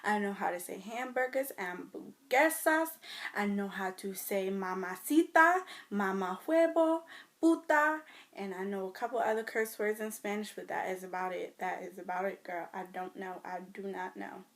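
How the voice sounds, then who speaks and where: A young American woman, talking casually to camera about her life, swinging between loud mimicry and near whispers. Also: normal speed, few pauses. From United States. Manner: animated storytelling, mimics others in loud high voices, drops to near whispers. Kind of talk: casual vlog rant. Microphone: phone or webcam.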